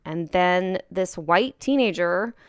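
Woman podcast host, smooth clear voice, dry close mic, chatty, laughs between thoughts. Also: fairly low pitch, expressive, slow pace, no room sound. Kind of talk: podcast intro monologue. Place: home kitchen.

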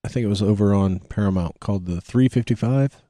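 A man co-hosting a podcast, playful and jokey, a bit tipsy and pausing with fillers. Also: fairly low pitch, mellow, no room sound, clean studio sound. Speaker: podcast co-host. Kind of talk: casual banter.

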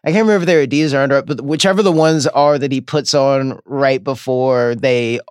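A man's voice: medium pitch, quick pace, darkish tone, smooth, no room sound, studio quality. A man co-hosting a podcast, chatting loosely about a film with lots of fillers like "you know" and "like". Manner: loose, filler-heavy, laughs easily. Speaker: podcast co-host. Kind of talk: casual film discussion.

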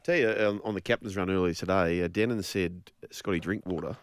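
Low-voiced man, joking co-host. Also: fairly quick. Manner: laughing, teasing. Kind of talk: casual chat.

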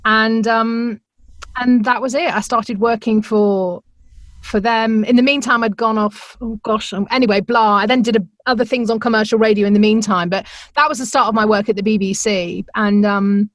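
A middle-aged woman with a fairly high voice tells her story in a lively, chatty way. She laughs easily and slips into quoted voices as she goes. The studio sound is close and dry. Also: normal speed, no echo. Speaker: podcast guest, radio presenter. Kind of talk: conversational storytelling.

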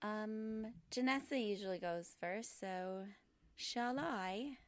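A woman's voice: mid-range voice, no echo. A woman co-hosting a podcast, chatting casually and giggling with friends. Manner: giggly, chatty, drawn-out phrasing. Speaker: podcast co-host. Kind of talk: casual chat among friends.

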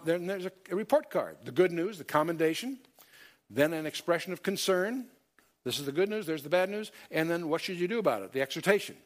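Male Bible teacher, fairly high voice, emphatic lecture delivery with frequent fillers and restarts. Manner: emphatic, quotes scripture in King James wording; many fillers and self-corrections.

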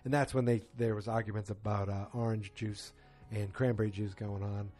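Man, relaxed mellow tone, loose rambling recap of a show, halting and casual. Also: fairly low pitch. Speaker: TV episode recapper. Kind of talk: casual spoken episode recap.

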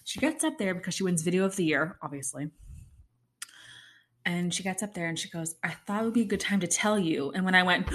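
A young woman chatting casually to her viewers, gushing and excitable, with lots of "like"s and sudden squeals of excitement. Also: mid-range voice, normal speed. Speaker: vlogger. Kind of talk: casual chat to camera.

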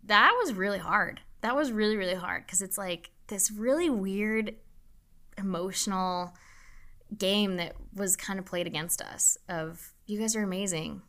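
A woman's voice: medium pitch, unhurried, sharp tone. A young woman nurse being interviewed, talking candidly and emotionally, swearing freely. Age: young adult. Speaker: nurse guest. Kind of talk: casual interview talk.

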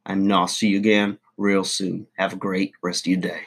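A man's voice: sits low, level tone, normal speed. A man telling a rambling, self-important comic story to his channel's viewers. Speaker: channel host. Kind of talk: comedic character monologue to camera.

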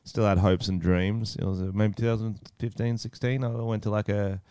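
Aussie guy on a podcast mic, lowish smooth voice, joking around and swearing, dry sound. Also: steady tone, normal speed, warm tone, no room sound. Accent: Australian. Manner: banter with swearing and frequent laughter. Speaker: podcast co-host. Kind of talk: casual chat.

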